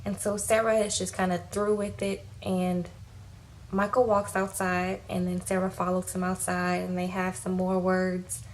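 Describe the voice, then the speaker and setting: Woman, casual slangy recap, animated delivery, faint background hiss. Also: fairly low pitch, a little slow, poor audio. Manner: animated, slangy, acts out quotes. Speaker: TV recap vlogger. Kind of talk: casual recap with acted quotes.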